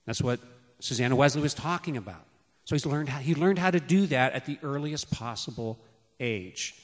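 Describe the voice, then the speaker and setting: Man in his fifties, preaching on parenting, anecdotal and animated, in a reverberant hall. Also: medium pitch, normal speed. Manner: storytelling, acts out calls to his children loudly. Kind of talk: sermon on parenting.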